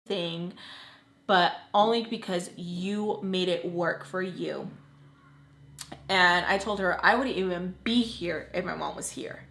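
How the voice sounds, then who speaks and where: Young woman, storytime vlogger, mid pitch, blunt and animated, roomy echo. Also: unhurried. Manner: animated, blunt, swears freely. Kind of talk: casual storytelling. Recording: echoey room.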